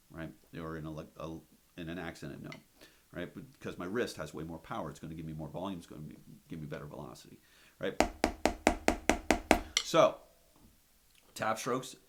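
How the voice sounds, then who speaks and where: This low-pitched male voice belongs to a drum teacher demonstrating stick strokes. His explanation is practical and chatty, full of counted beats and frequent "right?" check-ins. The sound is reverberant, and drums and clicks play behind his speech.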